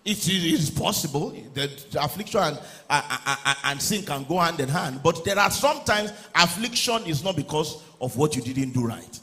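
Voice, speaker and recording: A man's voice: on the high side, lively intonation, normal speed, few pauses, sharp tone. Male pastor, sermon delivery that builds to emphatic peaks, roomy echo. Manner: preaching, reading scripture aloud, building to emphatic peaks. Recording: echoey room with faint ambient noise.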